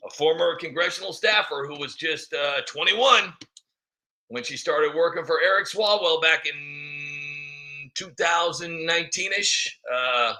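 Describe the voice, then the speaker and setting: Male vlogger, bright and slightly high, rambling mocking commentary. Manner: rambling, mocking, many fillers. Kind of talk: political commentary vlog.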